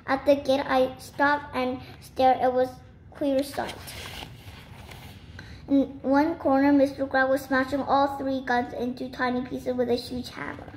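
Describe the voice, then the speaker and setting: A woman reading a children's book aloud in a steady, careful way with small slips. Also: high voice. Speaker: reader. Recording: roomy with faint noise.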